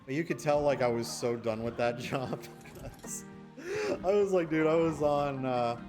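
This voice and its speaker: A man's voice: medium pitch, moderate pace, over music. Rambling, foul-mouthed male game streamer. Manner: rambling, profane storytelling with frequent restarts. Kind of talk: casual chat while gaming.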